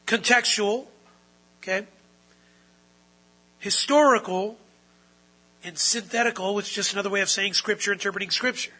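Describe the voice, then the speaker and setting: High, forceful-voiced male preacher. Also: steady tone, fast talker, slightly rough, rough recording. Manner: emphatic preaching, repeats key phrases for stress. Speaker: pastor. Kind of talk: sermon.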